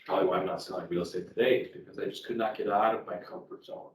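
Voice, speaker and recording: A deep-voiced middle-aged man talks rapid-fire in a steady tone as a sales trainer at a live seminar, conversationally repeating words while recounting personal stories. The recording carries room echo, a distant mic and faint background ambience.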